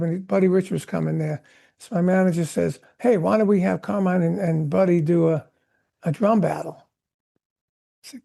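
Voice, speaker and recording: An older man, a veteran drummer, telling animated stories in a podcast interview and acting out the voices of the people he quotes. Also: high-pitched, creaky. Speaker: guest drummer.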